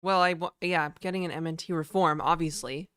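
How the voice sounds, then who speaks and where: A woman's voice: lowish voice, fairly even intonation, a little fast, a bit bright, clean tone, dry recording, clean studio sound. Frustrated, swearing woman streamer. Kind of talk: casual live stream chat.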